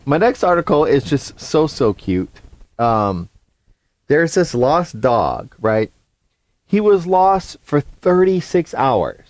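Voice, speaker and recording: A man's voice: a little high, slow, no room sound. A man co-hosting a podcast, chatting casually and reading articles aloud. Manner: animated, reads articles aloud. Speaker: podcast co-host. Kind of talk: casual chat.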